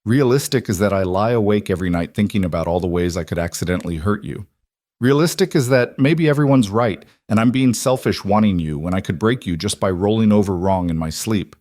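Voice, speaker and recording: A man voicing a huge, gentle cowboy who is frightened for the woman he loves, speaking roughly and from the heart, in a storybook reading. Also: on the low side, fairly quick, no room sound, lightly acted. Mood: heartfelt.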